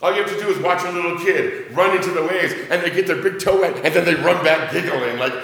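A man preaching a sermon as pastor, joking with his congregation and swinging between booming emphasis and quiet asides. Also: quick pace, vocal fry. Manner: jokey with the congregation. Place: church sanctuary. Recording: roomy church reverb.

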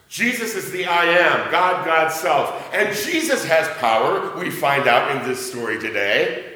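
Pastor, male, lively delivery with big swings from booming to hushed, church echo. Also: normal speed. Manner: dramatic swings between booming emphasis and quiet asides; jokey with the congregation. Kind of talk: sermon. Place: church sanctuary. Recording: roomy church reverb.

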